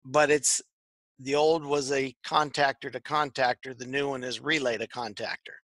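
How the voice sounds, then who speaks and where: A man's voice: medium pitch, fairly even intonation, moderate pace, a bit bright, no room sound. A man co-hosting a casual tech chat show, rambling and repeating his words. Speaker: podcast co-host. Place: tech shop.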